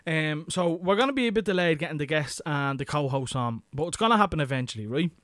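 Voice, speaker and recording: Irish guy rambling on his podcast, swears a lot, kinda high voice, dry close sound. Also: animated, fast talker, a bit bright, no room sound. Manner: crude, swearing, chatty and matter-of-fact. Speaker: podcast host. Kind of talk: casual solo podcast monologue.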